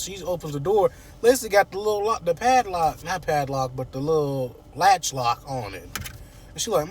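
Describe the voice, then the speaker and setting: A man giving an animated, slangy casual recap of a TV series while sitting in his car. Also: on the high side, slight background noise. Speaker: TV series reviewer. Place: inside a parked car at night.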